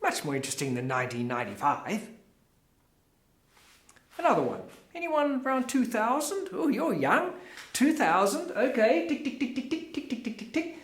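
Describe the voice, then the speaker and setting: An actor with an Australian accent playing a showy, evasive middle-aged crusade leader in a theatre monologue, chatting straight to the audience. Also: male voice, very high voice, wildly swooping pitch, normal speed, long pauses, fairly bright tone, full character voice. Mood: showy, chatty. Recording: roomy, echoey.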